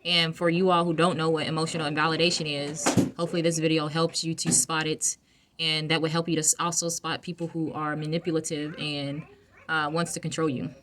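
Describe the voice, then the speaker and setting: A woman talking casually to her viewers, soft-spoken and reflective, with many fillers and restarts. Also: low voice, level tone, fairly quick, background noise. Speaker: vlogger giving emotional wellness advice. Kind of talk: casual reflective talk to camera.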